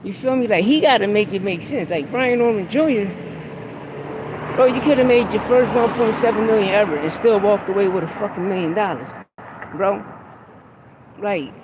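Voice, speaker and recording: A man's voice: sits high, moderate pace, long pauses, lo-fi sound, background noise. A man hosting a podcast, talking about boxing in a blunt, profane, heated way. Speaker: podcast host. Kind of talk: casual opinionated sports talk.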